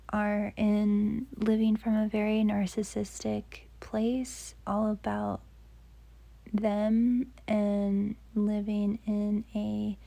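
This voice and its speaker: Slow whispering woman with gravelly breath. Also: mid-range voice. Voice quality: soft whisper. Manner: gentle, rambling, frequent "like" fillers. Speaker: dating advice vlogger. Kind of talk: whispered advice monologue.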